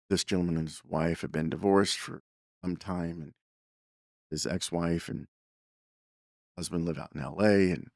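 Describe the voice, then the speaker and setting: Recorded in studio quality with no echo, a podcast host speaks in a deep, gravelly, slightly mellow voice. He tells a story casually and ramblingly, full of fillers and self-corrections.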